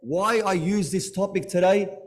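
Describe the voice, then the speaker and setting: In a high, slightly slow voice, a man gives a Muharram majlis sermon as a religious lecturer. His style is conversational, with direct questions to listeners and stories retold through acted dialogue.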